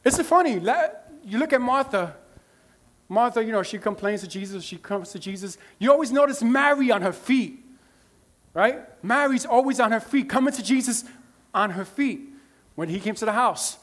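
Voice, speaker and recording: A male pastor preaching a sermon in a loose, conversational way, checking in with "right?" and swinging from quiet murmurs to loud emotional bursts. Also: high-pitched. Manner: conversational preaching with frequent "right?" asides and restarts.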